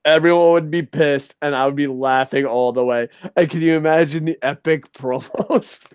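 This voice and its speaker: A young adult man hosting a casual chat show, ranting in an animated, profane way. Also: fairly high pitch, normal speed, few pauses, clean tone, no echo, clean studio sound. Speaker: podcast host.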